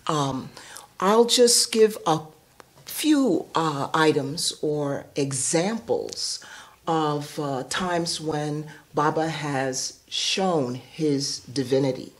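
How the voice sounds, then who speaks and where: Woman with a lowish voice telling her story, earnest and lively, acts out what people said. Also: extremely slow. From New York. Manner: earnest, animated, acts out quoted speech. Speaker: devotee sharing testimony. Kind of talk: personal storytelling.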